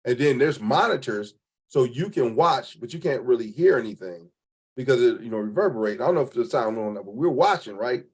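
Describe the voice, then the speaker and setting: A man's voice: medium pitch, expressive, a little fast, a little mellow, breathy edge. A man from Cleveland, a spoken word poet, telling stories as an interview guest in a casual, colloquial way, acting out the voices of people he quotes. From Cleveland, Ohio.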